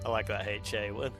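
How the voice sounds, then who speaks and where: A man doing casual live commentary on a strategy game match, rambling loosely and laughing often. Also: medium pitch. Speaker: esports commentator.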